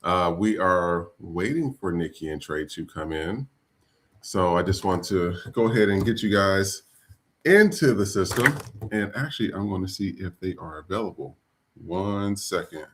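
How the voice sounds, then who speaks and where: A man with a low, deep voice hosts a live podcast. He talks loosely and casually, with lots of fillers as he welcomes guests. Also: moderate pace, fairly bright tone, slight background noise. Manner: loose, filler-heavy, chatty. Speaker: podcast host. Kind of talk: casual live-stream hosting.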